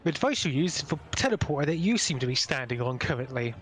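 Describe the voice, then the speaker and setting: A man's voice: fairly high pitch, big pitch swings, fast, a bit bright. Chatty game master man. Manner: loose, chatty narration with fillers. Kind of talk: narrating a tabletop game.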